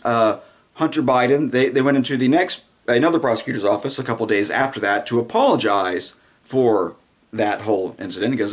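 A man's voice: medium pitch, brisk. Sarcastic rambling male commentator. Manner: sarcastic, rambling, frequent fillers. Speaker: political commentator. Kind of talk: casual monologue commentary.

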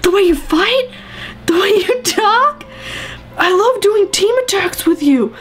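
A woman's voice: very high voice, expressive, takes it slowly, pitched above the performer's own voice, exaggerated voice. A woman voicing a young, lovestruck male knight in armor, gushing with a voice that cracks near tears.

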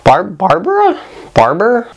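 A woman's voice: medium pitch, huge pitch swings, unhurried. A woman vlogger giving a sarcastic, opinionated review of a TV series, sometimes mimicking voices.

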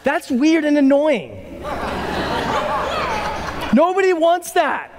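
A man's voice: very high-pitched, huge pitch swings, slow, crowd noise, noisy background. A man preaching a sermon as a pastor, conversational and joking, then building to emphatic peaks. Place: church sanctuary. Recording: long hall reverb.

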